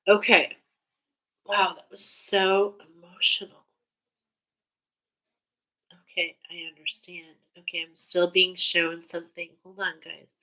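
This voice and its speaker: Woman, channeled spiritual reading, emotional, hesitant, sighing, unhurried. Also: fairly low pitch, flat delivery, bright, forceful tone, low-quality recording. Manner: emotional, hesitant, with sighs and restarts. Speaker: spiritual reader.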